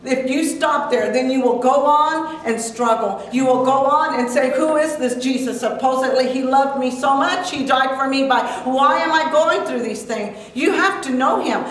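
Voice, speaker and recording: A woman's voice: sits high, moderate pace, few pauses, fairly bright tone. A woman preaching to a men's Bible class with fervent, repetitive emphasis. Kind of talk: preaching exhortation. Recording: echoey room from far off.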